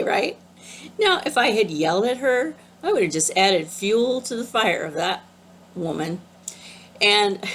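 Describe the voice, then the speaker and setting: A woman spiritual teacher giving an earnest, gentle, casual talk about an oracle card. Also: fairly low pitch, a little hiss or hum.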